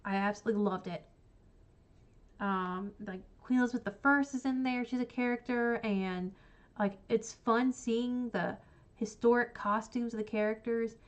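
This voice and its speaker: A woman's voice: fairly high pitch, fairly even intonation, normal speed, dull audio. A woman casually ranking books she has read on a stream, rambling with many fillers. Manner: rambling, frequent ums and likes. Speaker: book streamer. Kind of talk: casual book ranking chat.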